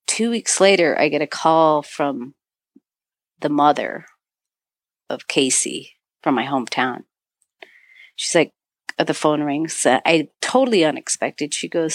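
A middle-aged woman from northern Michigan, with a low voice and no echo, guests on a podcast to tell a search-and-rescue story. She is an author and avalanche dog handler, and in this storytelling interview she acts out quoted dialogue, sprinkling in lots of "you know".

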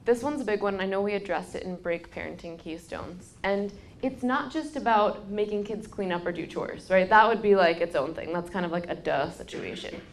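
A woman in her thirties hosting a podcast, giving casual parenting advice and telling personal stories, quoting people in a lively way. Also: mid-range voice, normal speed, few pauses, slight background noise. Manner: candid storytelling, quotes people in a lively way. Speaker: podcast host.

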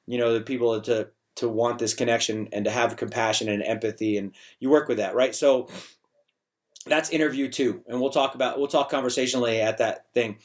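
A middle-aged man chatting on a podcast, voice sitting at an ordinary middle pitch. He tells stories in a loose, rambling way, circling back over his words as he goes. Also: fairly even intonation, brisk. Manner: chatty, storytelling, frequent restarts and filler. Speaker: bar owner and bartender guest. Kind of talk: casual podcast conversation.

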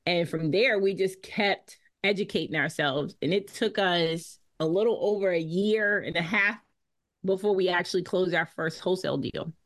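A woman's voice: on the low side, normal speed. A woman guest in a podcast interview, talking in an emphatic, self-assured way about her business. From Boston area. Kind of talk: casual interview talk.

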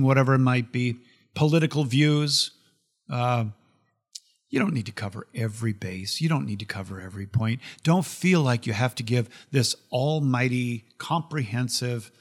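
Male host, gravelly, lively teaching talk, repeats for emphasis. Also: mid-range voice. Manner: animated, laughs often, repeats phrases for emphasis. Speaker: podcast host.

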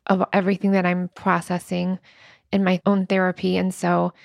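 A woman in her thirties or forties chatting candidly as a podcast co-host. Her mid-pitched voice has a gravelly fry, and she speaks openly and often breaks into laughter. The recording is close and dry. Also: completely flat delivery, normal speed, a little mellow, no room sound. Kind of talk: casual chat.

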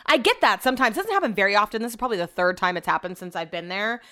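Chatty young woman with a smooth voice. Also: medium pitch, animated, very fast, pushed and bright. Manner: chatty, rambling, self-deprecating storytelling. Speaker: podcast host. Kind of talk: casual solo podcast monologue.

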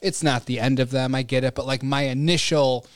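A man's voice: medium pitch, a little fast, no room sound. A man in his middle register rambles through a casual podcast chat, dropping swear words and trailing off mid-thought. The sound is dry and close, with no room around it. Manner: animated, rambling, swears freely. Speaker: podcast co-host.

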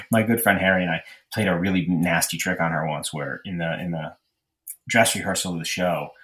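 A young man with a low, deep voice tells a personal story in relaxed conversation. He rambles, restarts his sentences and leans on fillers as he goes. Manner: rambling, self-deprecating, frequent fillers and restarts. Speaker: podcast storyteller. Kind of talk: casual storytelling chat.

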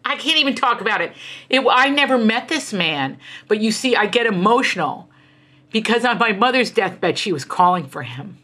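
A middle-aged woman author, a guest in an interview, telling her stories in an emphatic, animated way with quick asides. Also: a little high. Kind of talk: candid conversational storytelling.

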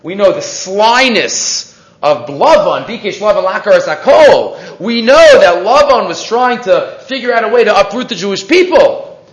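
A man giving a lively, questioning Torah lesson, dotted with Hebrew terms. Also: sits high, moderate pace. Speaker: Torah teacher. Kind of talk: weekly Torah portion class. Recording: echoey, dull lo-fi room recording.

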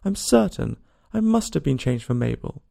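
A man's voice: a little high, big pitch swings, normal speed, vocal fry, warm tone, full character voice. A man reading a storybook aloud and voicing a small curious girl who talks to herself in a rambling, worried way. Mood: puzzled.

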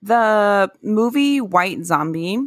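A woman's voice: medium pitch, lively intonation, takes it slowly, dry recording, studio quality. A woman casually telling folklore history in a podcast chat, earnest and laughing at her own mispronunciations. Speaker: podcast co-host.

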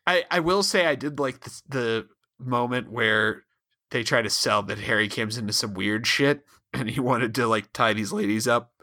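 A man's voice: mid-range voice, moderate pace, pushed and bright. A man co-hosting a podcast, giving bemused, laughing commentary on an episode, with some swearing. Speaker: podcast co-host. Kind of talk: casual episode recap chat.

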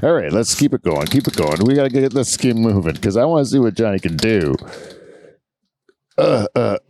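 A man's voice: on the low side, very animated, normal speed, dark tone. A man co-hosting a comedy podcast, chatting casually and rambling with lots of fillers and laughter. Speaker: podcast co-host. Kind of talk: casual chat.

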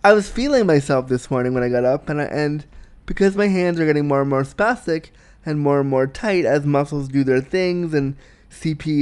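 A man's voice: fairly high pitch, a little mellow, clear, resonant tone. A man hosting a casual solo podcast, talking candidly and bawdily in a rambling way with restarts and giggles. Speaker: podcast host.

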